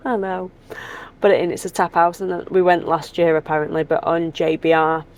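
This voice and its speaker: A woman's voice: on the low side, steady tone, unhurried, darkish tone. A woman, chatting casually and rambling animatedly as she talks to her vlog audience. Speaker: vlogger.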